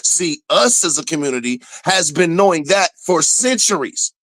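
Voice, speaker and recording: A man's voice: fairly high pitch, expressive, normal speed, a bit bright, dry recording. A man co-hosting a casual podcast discussion, talking in an emphatic, preachy way. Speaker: co-host.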